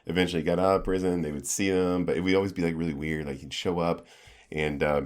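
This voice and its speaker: A middle-aged man with a deep, low voice, co-hosting a podcast. He talks in loose, rambling sentences full of "like" and restarts. It sounds like easy, casual chat between friends. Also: steady tone, fast talker. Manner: rambling storyteller, many fillers and restarts. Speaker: podcast co-host.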